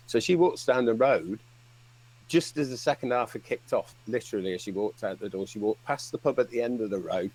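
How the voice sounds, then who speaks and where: A man's voice: medium pitch, brisk, darkish tone, rough recording. Man, casual rambling storyteller, swears freely, laughs through his words.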